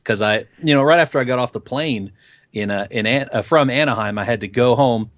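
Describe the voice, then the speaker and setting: A man's voice: mid-range voice, brisk, a bit bright, dry recording, studio quality. A man with a Southern US accent, co-hosting a casual podcast chat, rambling and joking, a bit sniffly from a cold. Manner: rambling, joking, does playful voices. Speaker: podcast co-host.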